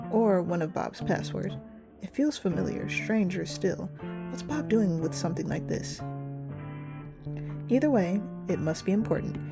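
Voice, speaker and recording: A young woman reading a story game aloud and reacting in an animated, giggly, slangy way. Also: medium pitch, vocal fry. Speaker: gamer playing a story game.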